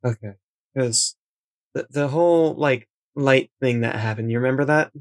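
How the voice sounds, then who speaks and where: A man with a mid-range voice and no echo plays his character in a tabletop role-playing game. He speaks hesitantly and haltingly, often restarting his sentences.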